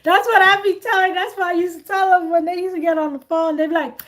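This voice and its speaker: A woman hosting a casual chat, animated and blunt, laughing often. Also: very high voice, fast. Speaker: host.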